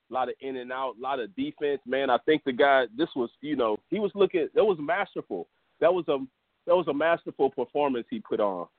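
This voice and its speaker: A man's voice: mid-range voice, dry recording. Blunt opinionated man, dry tinny line. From US Gulf Coast. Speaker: co-host. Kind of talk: casual sports talk. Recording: dry, tinny phone-like audio.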